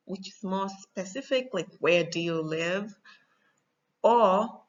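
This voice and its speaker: A woman teaching a language lesson, explaining slowly and patiently with frequent pauses and ums. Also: medium pitch, lo-fi sound. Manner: patient, slow, with frequent ums and spelled-out examples.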